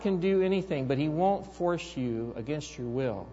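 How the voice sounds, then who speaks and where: A man preaching a sermon, telling stories with animated, acted-out quotes. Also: a little high, moderate pace, few pauses, big-room sound, lo-fi sound. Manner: animated storytelling, acting out quoted voices. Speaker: pastor.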